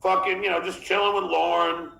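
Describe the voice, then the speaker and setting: A man's voice: high voice, flat delivery, moderate pace, gravelly, echoey room, a crowd in the background, low-quality recording. A man hosting a podcast in casual chat, rambling and reading chat messages aloud. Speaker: podcast host.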